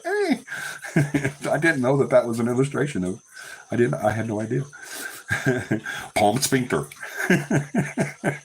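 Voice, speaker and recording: Giggling man, lively pitch. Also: a little hiss or hum. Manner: giggly, keeps breaking into fits of laughter. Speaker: paranormal live-stream host. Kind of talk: casual live-stream chat.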